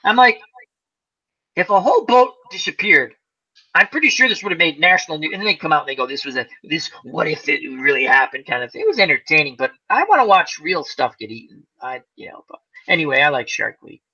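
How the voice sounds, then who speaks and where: A man's voice: high voice, quick pace, husky, muffled recording. A man hosting a casual chat, telling animal stories and acting out the voices. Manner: animated storyteller, acts out voices. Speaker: host.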